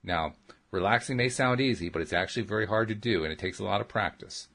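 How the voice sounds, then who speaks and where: Guy reading as a calm patient lady guiding a kid through breathing, soft, bit husky. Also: lowish voice, fast talker. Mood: soothing. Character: gentle calm woman teaching a boy to relax.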